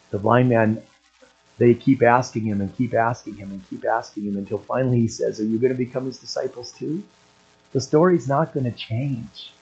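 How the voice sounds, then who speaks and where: Husky older male preacher. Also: mid-range voice, steady tone, moderate pace, pauses often, darkish tone, lo-fi sound. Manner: clears his throat often, builds to emphatic raised passages. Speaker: pastor. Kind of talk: sermon.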